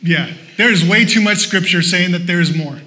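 A male pastor preaches with a high-pitched voice. His tone is bright and ringing. He keeps the sermon conversational and playful, then drives his points home with short, repeated urgings. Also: normal speed. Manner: lively and conversational, with joking asides; exhorting, repeating short phrases.

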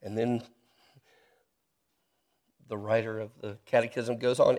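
A man preaching a sermon, earnest and personal, slowing down to stress key phrases. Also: medium pitch. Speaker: pastor.

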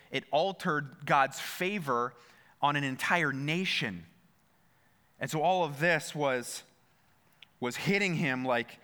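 A man preaches to a congregation with a bright, forceful voice sitting a little above the usual male pitch. He talks earnestly, repeats his key phrases and turns often to the listeners with direct questions. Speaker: pastor. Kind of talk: sermon.

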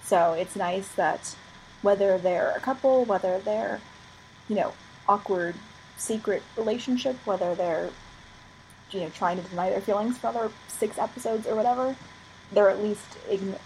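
A woman's voice: medium pitch, normal speed, a little mellow, slight background noise, low-quality recording. Thoughtful, rambling woman in chat. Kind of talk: casual chat.

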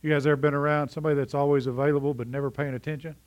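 A man's voice: on the high side, flat delivery, rapid-fire. A middle-aged man preaching a sermon in a conversational way, often asking his congregation questions. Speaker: pastor.

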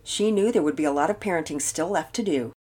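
An older woman, a grandmother, reading a children's story and chatting as host in a gentle, expressive way. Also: sits low, fast, breathy edge.

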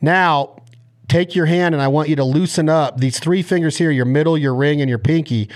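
A man hosting a podcast in casual chat. He is energetic, talks over his guest at times, and coaches his guest step by step. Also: fairly high pitch, moderate pace. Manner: coaching and instructive. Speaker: podcast host.

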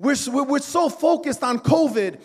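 A man's voice: extremely high pitch, expressive, normal speed. A male pastor preaching a sermon in a church, with impassioned, repetitive calls to the congregation. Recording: long hall reverb.

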